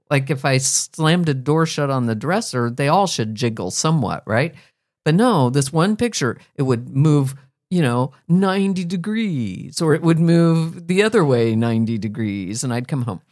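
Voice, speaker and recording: A middle-aged woman hosting a podcast, chatting casually and telling a story with lively rises in her voice. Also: low-pitched, a little slow, dry recording, clean studio sound. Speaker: podcast host. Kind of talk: casual chat.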